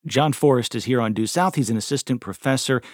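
A man's voice: medium pitch, fast talker, no room sound, studio quality. A man hosting a radio talk show, asking loose, self-interrupting questions.

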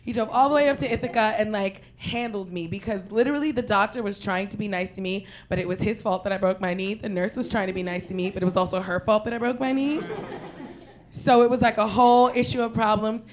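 A young woman from Queens telling a personal story in an animated, profane way, breaking into loud shouted quotes. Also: medium pitch, fast talker. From Queens, New York.

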